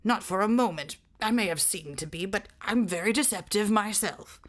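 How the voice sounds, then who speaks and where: A woman's voice: medium pitch, normal speed, close to an everyday voice. A woman voicing a vain, nervous outlaw captain man who speaks in a fussy, self-important way. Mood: nervous, pompous.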